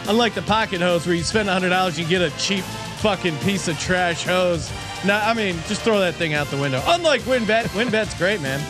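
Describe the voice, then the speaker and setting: A man hosting a sports betting podcast, joking around and rattling off quick sponsor reads. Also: sits high, lively intonation, over music. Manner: jokey, laughing often, quick ad patter. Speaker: podcast host.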